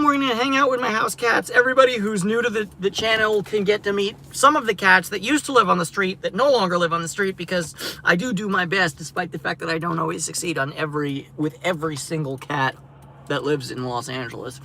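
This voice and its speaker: A man's voice: sits high, bright, forceful tone. A man chatting casually and profanely to his stream viewers while driving his car in a city. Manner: chatty, profane, rambling asides. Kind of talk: casual livestream chat. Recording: clear car and road noise. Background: road and traffic noise.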